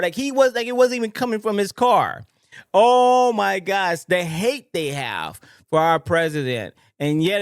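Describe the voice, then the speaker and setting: Guy doing a reaction stream, high bouncy voice, swings up and down a lot, dry close sound. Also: clean tone, dry recording. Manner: animated, mocking, reads memes aloud in silly voices. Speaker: political commentary streamer. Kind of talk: casual reaction commentary.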